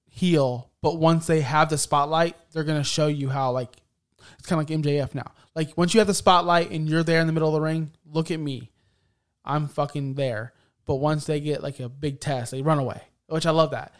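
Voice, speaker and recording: Animated joking man on a podcast. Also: on the high side, normal speed, smooth. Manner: animated, joking, talks over his co-host. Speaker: podcast co-host. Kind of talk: casual chat.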